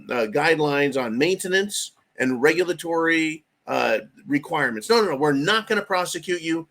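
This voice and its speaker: A man mocking a smug official on a shakedown call, talking fast and wheedling and heaping on denials. The voice sits a touch high for a man. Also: a bit bright. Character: smug male government official caricature, shakedown caller.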